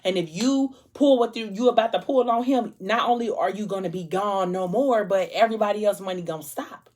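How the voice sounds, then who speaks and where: A woman vlogger chatting casually on camera and retelling a novel's plot in an animated way, acting out the characters' lines. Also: mid-range voice, a little fast. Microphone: camera mic.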